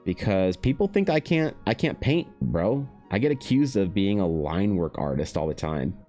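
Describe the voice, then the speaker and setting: A man streaming while he paints, chatting casually in a rambling, profane way, his pitch leaping up now and then. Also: animated, normal speed, mellow, soft background music. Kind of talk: casual livestream chat.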